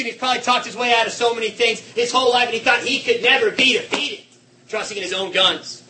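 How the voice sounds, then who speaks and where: A man preaching a sermon with passion, swinging between shouting and hushed, quiet tones. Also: high-pitched, fairly quick, rough recording.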